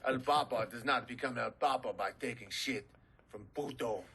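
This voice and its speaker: A man's voice: mid-range voice, moderate pace, gravelly, fairly bright tone, husky, heavily acted. A man playing a menacing male gang lord who speaks broken English sprinkled with Spanish words, in a comedy sketch. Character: stern male goat-milking gang lord.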